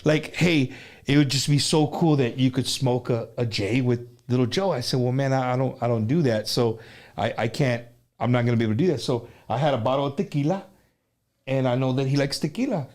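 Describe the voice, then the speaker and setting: A man's voice: medium pitch, brisk, darkish tone. A male show host, chatting in a laid-back way and dropping in Spanish words. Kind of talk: casual chat.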